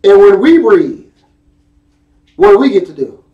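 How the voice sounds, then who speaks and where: Preaching and reading scripture in an echoey room, far from the microphone, a male pastor speaks a little slowly in a high, very animated voice. His emphatic, conversational delivery prompts call-and-response from the congregation. The audio sounds dull.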